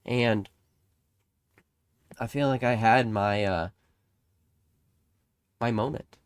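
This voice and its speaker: A man's voice: mid-range voice, extremely slow, clean tone, dry recording. A young man hosting a trading card channel, talking in a rambling, emphatic way, swearing freely and acting out voices in his stories. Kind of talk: casual monologue.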